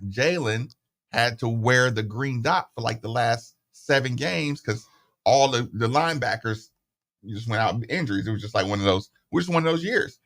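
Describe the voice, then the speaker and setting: Man, middle-aged, sports radio host, casual chat, animated storyteller, acts out quotes, mid-pitched voice, studio mic. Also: moderate pace.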